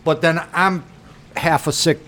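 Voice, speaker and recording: A man whose voice runs a touch higher than typical. He drops blunt, crude remarks into the conversation, half joking and half menacing. The chat stays relaxed and off the cuff. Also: a little slow. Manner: blunt, profane commentary with tough-guy asides. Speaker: podcast co-host. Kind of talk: casual chat.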